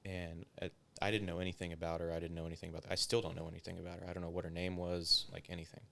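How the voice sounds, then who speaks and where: A man's voice: deep voice, monotone, very fast, vocal fry, bright, forceful tone. A man, a former police officer, recounting a story in a casual interview, swearing often and filling his speech with "like". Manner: profane, filler-heavy storytelling.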